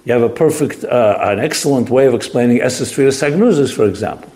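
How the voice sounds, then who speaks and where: In a study hall classroom, a male Torah teacher leads a text study lesson, thinking aloud with restarts and mixing in Hebrew terms. He talks fast in a medium-pitched voice with a dark tone.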